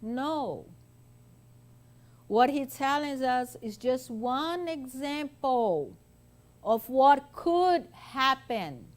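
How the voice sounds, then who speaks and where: Slow, animated woman lecturing a class. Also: high-pitched. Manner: animated storytelling, acting out quotes, many fillers. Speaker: spiritist lecturer.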